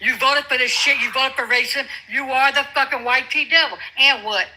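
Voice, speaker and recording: A woman's voice: high voice, steady tone, normal speed, pushed and bright, low-quality recording. An older woman arguing as a guest in a heated livestream debate, blunt, confrontational and full of profanity.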